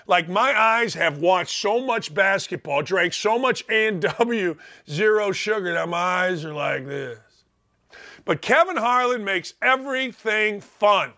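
A man's voice: sits high, sharp tone. A middle-aged man from Indiana hosting a sports talk show, emphatic and rambling, repeating words for stress.

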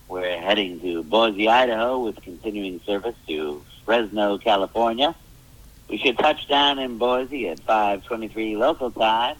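A man's voice: on the low side, fairly bright tone, low-quality recording. A man doing a rambling, crude airline captain. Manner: halting announcements full of "uh", off-color asides. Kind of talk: comic impression of a pilot announcement.

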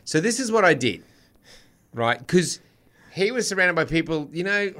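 A middle-aged man with an Australian accent, a radio host chatting casually on a podcast and telling stories with animated asides. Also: high voice, normal speed. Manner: storytelling, acts out other voices.

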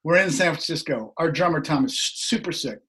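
A middle-aged man, a guest musician, telling anecdotes in a casual, animated way over a video call, his voice a little hoarse. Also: fairly high pitch, fairly quick. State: slightly hoarse. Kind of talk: casual storytelling.

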